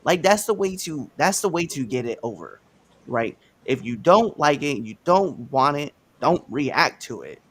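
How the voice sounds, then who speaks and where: A man co-hosting a casual wrestling podcast livestream from home over a video call, ranting in an animated way and swearing freely. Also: on the high side, unhurried. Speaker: podcast co-host.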